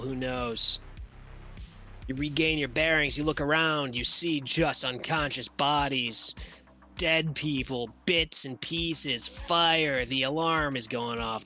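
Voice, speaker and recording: A man's voice: medium pitch, bright, forceful tone. A man running a tabletop game as game master, narrating the action in a casual, profane, vivid way full of "like" and "you know". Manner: lots of fillers, like and you know.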